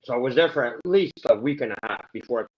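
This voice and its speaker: A man's voice: mid-range voice, expressive, fast, dull audio. A man rambling through a grievance in casual chat, swearing heavily. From Canada. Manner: rambling, heavily profane, aggrieved. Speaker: guest telling his story.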